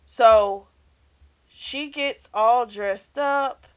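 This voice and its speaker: A woman chats casually through a book review, retelling a novel's plot and sprinkling in plenty of "you know." Her slightly high, clean voice stretches out words, and she acts out characters' lines by raising her voice when quoting them.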